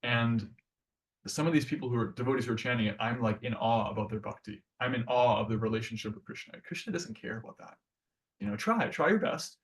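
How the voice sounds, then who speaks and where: A man's voice: medium pitch, lively intonation, a little fast, recorded from a distance. A man giving a casual devotional class, talking earnestly and conversationally with many restarts.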